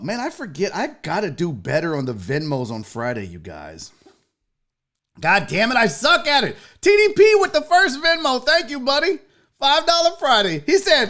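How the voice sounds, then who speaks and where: A middle-aged man hosting a casual live stream, loud and profane, excitably reading viewer messages aloud. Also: very high-pitched. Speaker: show host.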